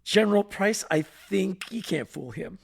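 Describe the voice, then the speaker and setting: A man co-hosting a podcast, telling a story in an animated way and acting out voices and sounds. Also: high voice, measured pace, vocal fry, slightly rough. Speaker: podcast co-host. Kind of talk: storytelling in casual chat.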